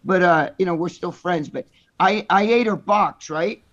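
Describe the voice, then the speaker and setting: A man's voice: sits high, moderate pace, a bit bright, highs cut off. A man telling crude stories on a podcast panel, hyper and rambling, swearing constantly. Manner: hyper, profane, rambling storyteller. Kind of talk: crude storytelling chat.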